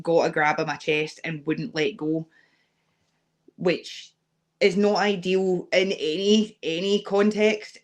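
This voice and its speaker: A young adult Scottish woman, a wrestler guest on a podcast interview, speaking candidly and earnestly with frequent fillers. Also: fairly low pitch. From Scotland.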